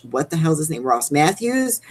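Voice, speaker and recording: A woman's voice: deep voice, sing-song, normal speed. A woman co-hosting a live show, ranting animatedly about celebrity gossip. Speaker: co-host. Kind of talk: casual chat.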